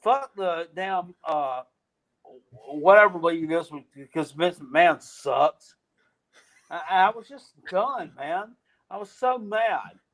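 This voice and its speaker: A man's voice: sits high, lively intonation, slow pace, a bit bright. A man hosting a casual sports rant, profane and rambling, with frequent restarts and trailing thoughts. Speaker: podcast host.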